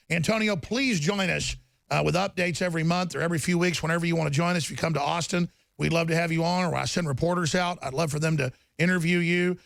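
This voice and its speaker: A man hosting political talk radio, ranting in heated bursts with a gravelly voice. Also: on the high side, no echo. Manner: fiery, ranting, shouting bursts. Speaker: radio talk show host.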